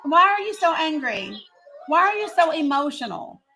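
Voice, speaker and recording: A woman's voice: high-pitched, sing-song, normal speed, bright, forceful tone. A woman hosting her own live stream, pressing a guest firmly and repeating her questions. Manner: firm, insistent, repeats questions, talks over interruptions. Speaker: livestream host. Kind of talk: heated livestream argument.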